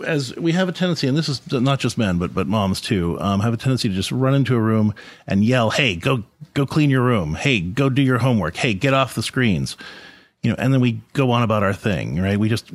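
A podcast host and parenting speaker offers an earnest, conversational reflection on faith and parenting, often restarting his sentences. His voice is mid-range, with no room sound.

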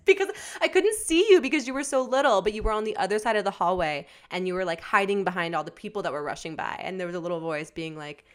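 A woman's voice: medium pitch, quick pace, hardly any pauses. A woman in her twenties co-hosting a podcast, chatting casually and teasing her friend as she tells stories. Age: 20s. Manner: animated storyteller who teases her friend. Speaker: podcast co-host. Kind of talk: casual chat.

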